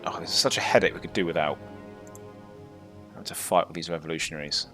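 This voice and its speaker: Low-voiced man narrating gameplay. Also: quick pace. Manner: chatty, rambling asides with self-deprecating laughs. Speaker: gaming commentator. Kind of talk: let's play commentary. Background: loud game music and cannon fire.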